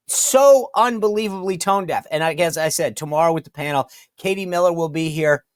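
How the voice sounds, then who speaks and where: A man's voice: high-pitched, fairly quick, few pauses, no echo, clean studio sound. A man hosting a political talk show, delivering an emphatic, incredulous commentary monologue and mockingly reading quotes aloud. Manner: incredulous, emphatic, repeats himself.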